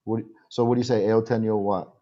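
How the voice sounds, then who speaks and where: A man in his forties teaching English in a relaxed one-on-one video call, repeating words patiently so the student can copy them. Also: lowish voice, quick pace, highs cut off. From United States. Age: 40s. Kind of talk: casual one-on-one lesson.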